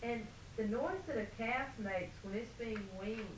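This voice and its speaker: A woman interviewer in a mid-range voice asks prompting questions and trails off so the other person can finish. The old tape has a roomy sound. A steady hiss runs under her voice. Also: a little high, measured pace. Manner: prompting, leaves sentences open to be finished. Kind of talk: dialect survey interview.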